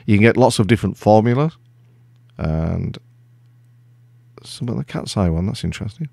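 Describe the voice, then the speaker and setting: Low, gravelly middle-aged man hosting a relaxed software walkthrough, self-deprecating and rambling. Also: moderate pace, dry recording, clean studio sound. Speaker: tech video host. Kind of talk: casual screen-recorded software walkthrough.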